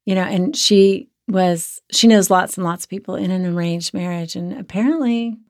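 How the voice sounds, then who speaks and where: A hoarse woman co-hosting a podcast as a sex therapist, talking in an earnest, reflective way. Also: mid-range voice, moderate pace, a little mellow, dry recording, studio quality. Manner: earnest, reflective, many restarts. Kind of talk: casual podcast chat.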